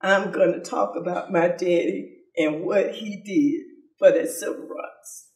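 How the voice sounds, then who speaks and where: An older woman gives an emotional personal testimony about her father, halting and tearful, often repeating herself. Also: lowish voice, fairly even intonation, darkish tone. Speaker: daughter of a civil rights leader. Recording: roomy sound from far off.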